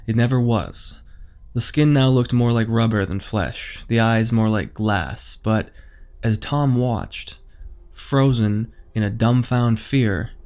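A man reading a horror story aloud in a measured, suspenseful way. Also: mid-range voice, darkish tone. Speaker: narrator. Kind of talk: scripted horror narration.

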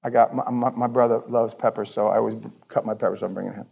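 A male pastor preaching a sermon in a church, talking in an animated, conversational way and often repeating words. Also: fairly low pitch, quick pace, creaky, breathy edge, highs cut off. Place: church sanctuary.

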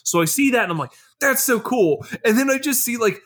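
A man from Georgia co-hosting a casual film-review chat, animated and often laughing in mock outrage. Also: very high voice, racing. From Georgia, USA. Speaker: podcast co-host.

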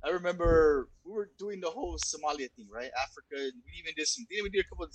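A man's voice: on the high side, expressive, slightly rough, no room sound, rough recording. A man in his forties, a veteran, recounting memories in casual chat, often stopping and restarting his sentences. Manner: halting, repeats and restarts. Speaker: military veteran.

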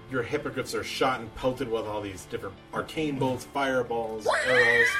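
A man running a tabletop game as game master, narrating scenes calmly. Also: mid-range voice, rough recording.

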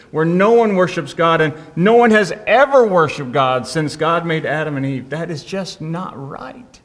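Earnest high-voiced preacher man. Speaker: missionary doctor and preacher. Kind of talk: sermon.

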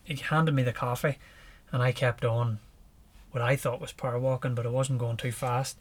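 A man with a Northern Irish accent, a podcast guest telling his story in a relaxed, lively way and chuckling as he goes. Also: medium pitch, normal speed. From Northern Ireland. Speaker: podcast guest, ultra runner. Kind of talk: casual storytelling.

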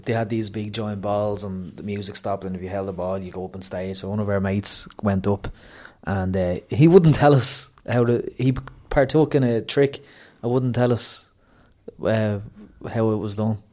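A man's voice: fairly low pitch, moderate pace, dark tone. A man co-hosting a podcast, chatty and teasing, cutting into the conversation. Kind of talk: casual chat.

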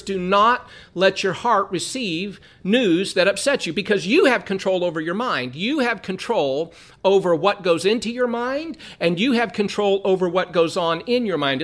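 High-voiced man teaching Bible. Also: fairly bright tone. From Southern California. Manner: earnest, repeats phrases for emphasis. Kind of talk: Bible study lesson.

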